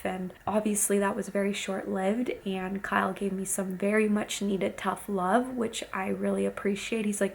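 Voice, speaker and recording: Candid woman with a gravelly edge. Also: mid-range voice, little pitch movement, normal speed, fairly bright tone. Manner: candid and open, chatty with fillers. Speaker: bikini competitor and fitness coach. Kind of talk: casual vlog talk to viewers.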